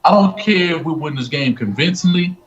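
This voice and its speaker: A man co-hosting a casual sports chat, emphatic and slowing down to stress his points. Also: on the high side, animated. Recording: dull lo-fi remote line with faint hiss.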